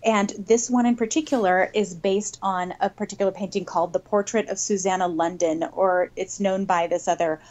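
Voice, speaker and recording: A woman who is a podcast guest, explaining things in a relaxed chat and laughing easily. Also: medium pitch, normal speed, hardly any pauses.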